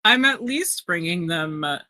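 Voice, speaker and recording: A woman's voice: fairly low pitch, expressive, unhurried, sharp tone. A woman playing a tabletop game, talking earnestly in character and explaining herself at length. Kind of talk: in-character role-play chat.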